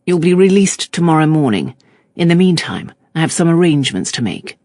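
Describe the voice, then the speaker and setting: A composed, stern magistrate , as a narrator puts him on, speaking in measured, quietly threatening lines. The voice is dry and close. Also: medium pitch, sing-song, no room sound, natural voice. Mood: cool, stern. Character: stern, calm male magistrate, middle-aged.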